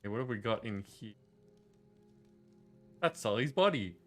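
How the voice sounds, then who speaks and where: A man's voice: medium pitch, animated, normal speed, soft background music. A male streamer chatting casually over gameplay, joking and greeting viewers in chat by name.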